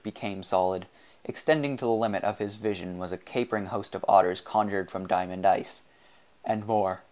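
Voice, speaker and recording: A man reads a novel aloud as an audiobook narrator. His delivery is measured and expressive, in a fairly low voice. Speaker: audiobook reader.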